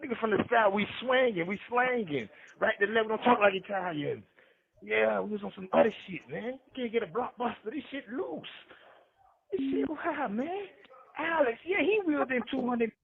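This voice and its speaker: A man's voice: very high-pitched, animated, normal speed, vocal fry. A man telling rambling street stories as a podcast guest, slangy and jumping between names. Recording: tinny phone line.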